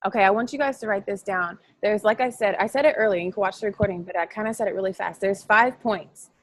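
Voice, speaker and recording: A woman giving a chatty, excitable motivational talk to her coaching team over a call, rambling and quick to laugh. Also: mid-range voice. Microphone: phone or call line.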